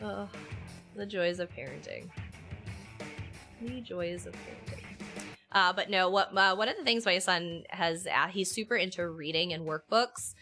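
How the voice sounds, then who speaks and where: A woman chatting casually on a stream, telling animated stories and laughing often. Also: fairly low pitch, moderate pace, over music. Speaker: streamer and mother. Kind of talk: casual chat.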